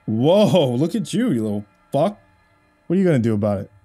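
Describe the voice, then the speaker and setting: A man's voice: medium pitch, very animated, fairly quick, dark tone, slightly rough, soft background music. A man voicing an obnoxious young male college jock who taunts and mocks in a storytelling reading. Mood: taunting. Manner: mocking, taunting.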